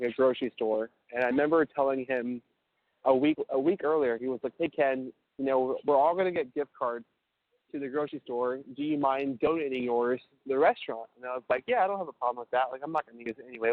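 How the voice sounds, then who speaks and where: A man's voice: medium pitch, quick pace, no echo. A young man telling a long, rambling story on a casual phone call, full of fillers and swearing. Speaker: caller on a prison phone call. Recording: tinny phone line.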